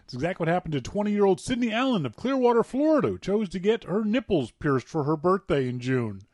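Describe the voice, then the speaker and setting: This podcast co-host from Canada has a high voice and a quick pace, recorded without any echo. He's an animated, playful storyteller who chats casually and keeps cracking himself up.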